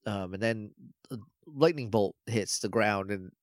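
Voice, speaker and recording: A man's voice: on the low side, unhurried, no room sound, studio quality. Chatty man recapping a show. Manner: rambling, laughs often, acts out quotes. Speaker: podcast co-host. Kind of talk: casual recap chat.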